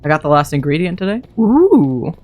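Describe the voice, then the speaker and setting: Male streamer, fairly high voice, casual gameplay commentary, thinking aloud, chatty. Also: a little slow.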